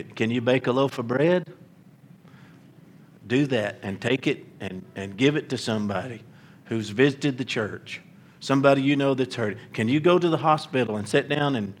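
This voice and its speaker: A man's voice: mid-range voice, a bit bright. Earnest preacher man. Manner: earnest storytelling, rhetorical repeated questions, stumbling restarts. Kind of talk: sermon.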